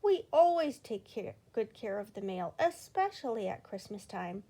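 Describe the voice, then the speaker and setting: A woman's voice: medium pitch, very animated, moderate pace, mellow. A woman reading a storybook aloud, voicing a proud, obliging male postal clerk. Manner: obliging, a touch offended.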